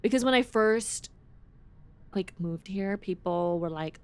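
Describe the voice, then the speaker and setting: A woman's voice: mid-range voice, unhurried, clean tone. A young woman with an American accent, chatting casually as a streamer in a rambling, giggly way on a desk microphone at home. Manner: chatty and rambling, restarts sentences, giggles often.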